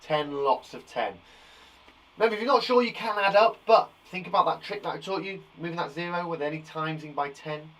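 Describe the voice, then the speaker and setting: A male teacher talks young children through their times tables in a live lesson. His voice is on the higher side, and he keeps reassuring them as he counts along. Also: a little fast, a bit bright, poor audio. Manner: encouraging, chatty and reassuring. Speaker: primary school teacher.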